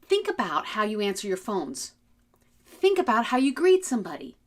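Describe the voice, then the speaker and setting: A woman giving an instructional talk as a communication trainer, lively and melodic, demonstrating voices as she goes. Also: mid-range voice, normal speed.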